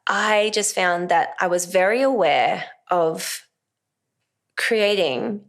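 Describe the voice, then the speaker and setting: With a creaky, fairly low voice and an unhurried pace, this Australian actress-comedian talks casually as a guest in an interview. She tells stories animatedly, performing the voices of the people in them.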